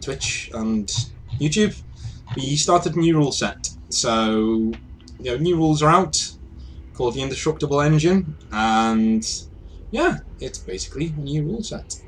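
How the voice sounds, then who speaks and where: A man's voice: mid-range voice, a little hiss or hum. Guy game-mastering a tabletop session, laid back, keeps restarting sentences. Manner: relaxed, halting, frequent restarts and clears throat.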